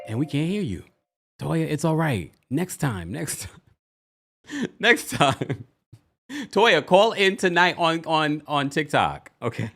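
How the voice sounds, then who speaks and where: A man hosting a live call-in show, playful and quick with asides. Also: medium pitch, sing-song, a bit bright. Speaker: host.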